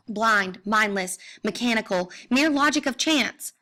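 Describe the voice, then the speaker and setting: A woman's voice: medium pitch, measured pace, hardly any pauses, pushed and bright. A young adult woman reading a first-person story aloud, intense and rising to anguished cries at moments of pain. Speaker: audiobook reader. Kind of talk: dramatic first-person narration.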